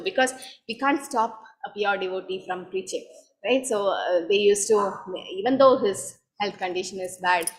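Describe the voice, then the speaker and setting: A woman's voice: medium pitch, rough recording. A woman gives a scripture class with a mid-range voice. She tells devotional stories with animation and acts out the people in them. A light hiss of noise sits under the recording. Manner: animated storytelling, acting out quoted voices. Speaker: speaker giving a scripture class. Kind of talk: storytelling sermon.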